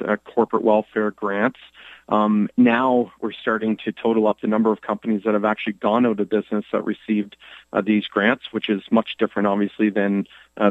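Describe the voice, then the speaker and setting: Flat-voiced man on a phone line. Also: lowish voice, dry recording. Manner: steady, measured, with frequent "uh" pauses. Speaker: phone-in guest politician. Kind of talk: political interview answers.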